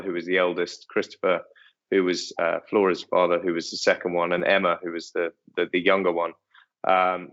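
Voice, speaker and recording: A middle-aged man answers interview questions, pausing often and restarting his sentences. His voice is very low and keeps to a flat, even line. The sound is dull and muffled. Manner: hesitant, full of ums and restarts. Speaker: estate owner, interview guest.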